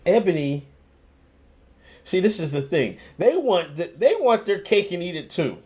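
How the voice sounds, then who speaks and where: A young man rants on his own channel in a high, unhurried voice, swearing a lot, restarting sentences, and laughing. His commentary is casual, profane, and animated.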